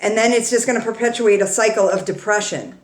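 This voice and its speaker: Tarot reader, female, frank pep-talk delivery with a few swear words, heartfelt, middle pitch, roomy echo. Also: a little fast. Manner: emotional, warm and affectionate toward viewers. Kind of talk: casual tarot reading to camera.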